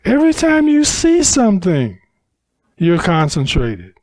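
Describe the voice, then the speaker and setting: Slow, animated male dharma teacher. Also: sits high, dry recording, studio quality. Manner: animated, unhurried teaching with emphatic repetition. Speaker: Buddhist teacher. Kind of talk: dharma talk. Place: retreat center hall.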